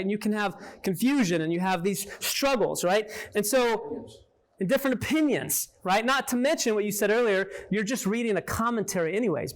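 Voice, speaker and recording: A man leading an interactive Bible teaching for a small group, often checking in with "right?" and questioning his listeners. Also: sits high. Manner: conversational, peppers points with "right?" and questions to listeners.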